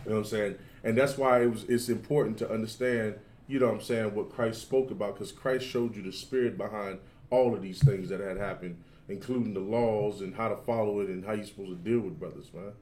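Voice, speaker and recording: A man's voice: lowish voice, fairly even intonation, fairly quick, hardly any pauses, darkish tone. A man explaining scripture in a casual bible study, with loose slang and frequent "you know what I'm saying". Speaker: bible class teacher.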